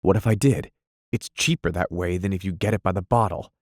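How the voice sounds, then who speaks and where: A man reading aloud, playing a self-pitying, quick-tempered young husband who drinks, plaintive and flaring. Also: low voice, a little mellow, dry recording, studio quality. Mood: angry. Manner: plaintive, flaring into weak anger.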